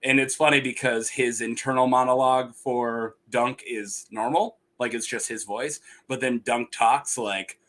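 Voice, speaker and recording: Young male host, casual chat, bright forceful voice, chuckles through rambling stories. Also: medium pitch, steady tone, measured pace, hardly any pauses. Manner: laughs often, rambling, mimics voices. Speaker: podcast host.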